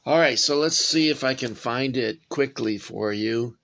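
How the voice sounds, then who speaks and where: A man's voice: medium pitch, measured pace, gravelly, fairly bright tone. A man casually reviewing a toy gun model for his viewers, rambling with frequent fillers and chatty asides to "guys". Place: cramped home workspace.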